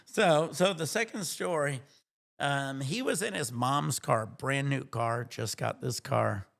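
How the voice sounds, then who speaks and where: A man's voice: mid-range voice, slow, vocal fry, fairly bright tone. A middle-aged man from Ohio, a live streamer telling rambling, profane stories in casual chat, often correcting himself. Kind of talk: casual storytelling.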